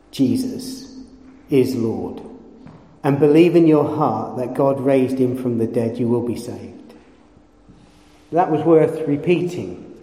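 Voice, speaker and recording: Male preacher, mellow slightly high voice, animated sermon with jokes, roomy hall reverb. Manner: animated storytelling with playful asides and acted quotes. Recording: echoey hall with long reverb.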